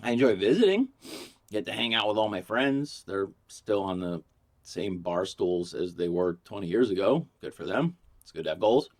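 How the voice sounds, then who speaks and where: A middle-aged man from Pittsburgh riffs through a comic monologue. He speaks without a regional accent. His delivery is crude and rambling, and he is quick to poke fun at himself. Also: on the low side, very animated. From Pittsburgh, USA. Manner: crude, rambling, self-mocking. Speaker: comedian vlogger. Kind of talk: comedic monologue.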